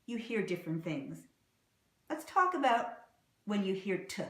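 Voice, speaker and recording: A woman teaching English pronunciation, saying example words slowly and clearly and repeating them. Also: medium pitch, big pitch swings, fairly bright tone, roomy sound. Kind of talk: slow, deliberate pronunciation lesson.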